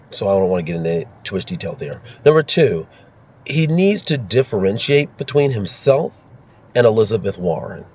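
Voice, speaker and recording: Male political commentator, sarcastic ranter, low voice, dull lo-fi sound. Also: a little mellow. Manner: sarcastic, ranting, laughs at his own jokes. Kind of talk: opinionated solo commentary. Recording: dull lo-fi recording.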